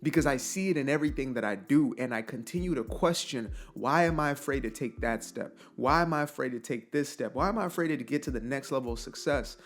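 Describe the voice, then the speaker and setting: A man's voice: medium pitch, a little fast, hardly any pauses, soft background music. A man in a casual, earnest motivational monologue, telling stories and asking rhetorical questions. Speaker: motivational vlogger.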